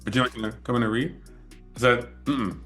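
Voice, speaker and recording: A man hosting an interview, telling a relaxed story in casual chat and laughing often. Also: medium pitch, a little fast, soft background music. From moved to LA as an adult. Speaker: podcast host.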